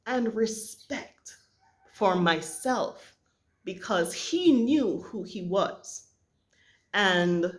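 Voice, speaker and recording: Speaking in a mid-range voice, a middle-aged vlogger from Jamaica shares a story about her family. Her delivery is earnest but halting, broken up by many pauses.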